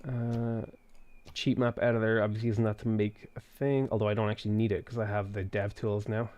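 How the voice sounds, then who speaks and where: A man's voice: on the low side, level tone, brisk, darkish tone. Irish man chatting loosely while gaming. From Ireland. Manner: rambling, swears freely, reads chat aloud. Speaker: streamer. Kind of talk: casual chat while playing a strategy game.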